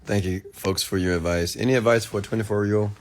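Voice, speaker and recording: A man casually chatting on a late-night livestream, rambling and excitable while he reads and answers viewer comments, still getting over food poisoning. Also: fairly low pitch, fast. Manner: rambling, excitable, lots of restarts.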